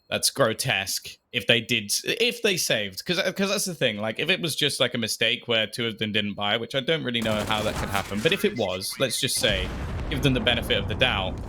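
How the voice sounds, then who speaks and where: A man on a headset mic giving animated, wry color commentary on a shooter match. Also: lowish voice, a little fast, background noise. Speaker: esports caster.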